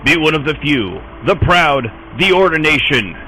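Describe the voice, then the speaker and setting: A man voicing a solemn military recruitment ad announcer in a mock radio commercial, with a grand, rousing sales pitch. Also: lively intonation, normal speed, sharp tone, slight background noise, rough recording.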